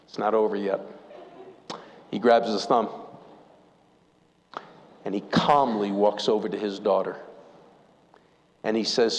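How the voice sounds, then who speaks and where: A man's voice: on the low side, fairly even intonation, slow pace, long pauses. Man, pastor, storytelling sermon, questions to the congregation, long church reverb.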